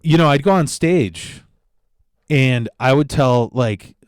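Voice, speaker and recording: A man hosting his own podcast, a stand-up comedian from the Chicago area, telling stories in a profane, animated monologue with sudden excited outbursts. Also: mid-range voice, slow pace. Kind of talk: casual solo podcast monologue.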